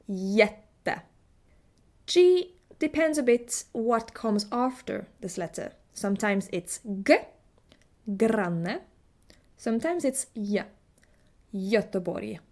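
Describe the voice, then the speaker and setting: A woman giving a language lesson, slowly and carefully demonstrating pronunciation; Swedish is not her first language. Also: a little high, darkish tone. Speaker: folk music teacher.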